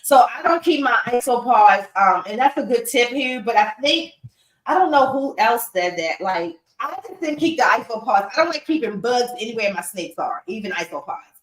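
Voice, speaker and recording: Woman chatting on a home stream, blunt and lively, kinda far from the mic, roomy echo. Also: a little high, normal speed. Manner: outspoken, animated, laughs often. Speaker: podcast co-host and reptile breeder. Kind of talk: casual livestream chat. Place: room with her animals at home. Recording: echoey room, voice a bit off-mic.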